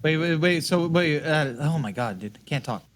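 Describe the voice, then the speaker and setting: A man's voice: fairly high pitch, expressive, moderate pace, slight background noise. A man playing his character in a tabletop game, earnest and given to restarts. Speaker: player. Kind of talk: in-character tabletop role-play.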